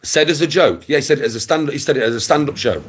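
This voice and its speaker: A young man with a slightly high, rough, expressive voice talks fast as he rants angrily at his livestream viewers. He swears and keeps repeating himself, delivering a furious rant straight to camera.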